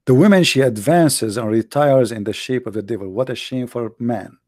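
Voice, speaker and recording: A man's voice: medium pitch, a little fast, a little mellow, dry recording, studio quality. An English speaker who hosts a debate show and argues combatively and sarcastically in broken English, restarting his phrases often. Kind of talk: heated religious debate.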